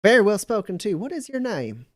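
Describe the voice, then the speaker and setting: A man's voice: high-pitched, sing-song, brisk, dry recording, clean studio sound, pitched above the performer's own voice. A man voicing a commanding, courteous male militia captain with a folksy drawl. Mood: stern. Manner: drawling, formal with a folksy edge.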